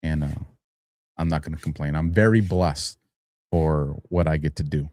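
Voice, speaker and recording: Recorded dry in a studio, this man's voice is extremely deep and steady at a normal pace. He's a weary live-stream talk show host who meanders along with frequent chuckles, then gets louder and more heated when pressing an argument.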